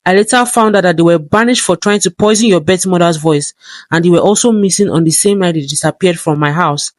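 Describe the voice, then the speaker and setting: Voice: mid-range voice, brisk, no room sound, studio quality, lightly acted. A narrator reading an earnest loyal man.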